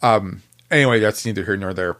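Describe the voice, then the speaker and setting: A man's voice: fairly low pitch, a little fast, a bit bright. A man co-hosting a podcast, joking around in casual chat. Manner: playful and joking. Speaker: podcast co-host.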